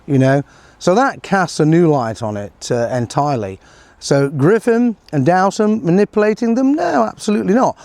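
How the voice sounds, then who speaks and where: A man's voice: mid-range voice, a little mellow, no room sound. A middle-aged man giving a sarcastic, rambling political commentary, full of fillers and chuckles. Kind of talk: casual solo commentary.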